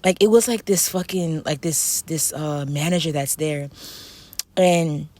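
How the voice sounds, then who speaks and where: Venting profanely to her camera, a young woman vlogger speaks in a deep, mellow voice at a measured pace, leaning on frequent "like" fillers. There's no room sound in the recording.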